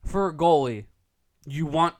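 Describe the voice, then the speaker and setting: Profane young man ranting about hockey. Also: on the high side. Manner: profane, excitable, quick to overreact. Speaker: podcast co-host. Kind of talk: casual sports chat.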